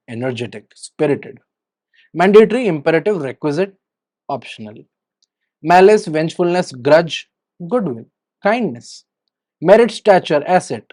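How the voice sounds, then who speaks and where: A man's voice: a little high, darkish tone. A man with an Indian English accent teaching vocabulary, reading word lists and letting his voice rise on each headword and drop on the opposites.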